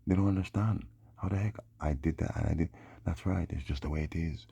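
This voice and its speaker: Very deep gravelly man rambling. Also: fairly quick, mellow, dry recording. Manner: drawling, frequent questioning "hmm?" tags. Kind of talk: rambling monologue on names and prophecy.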